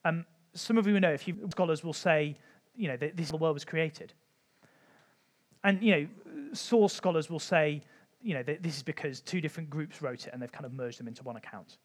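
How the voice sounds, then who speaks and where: Church teacher, male, higher-pitched, chatty and informal, lots of ums. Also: brisk. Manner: conversational, frequent ums, light humour. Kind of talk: informal Bible teaching talk.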